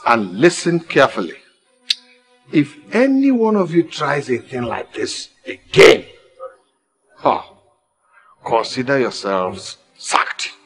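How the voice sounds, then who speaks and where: Brief: a stern house boss in a film drama, slow and commanding, Nigerian accent, lively pitch. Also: male voice, music in the background. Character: stern male employer scolding his staff.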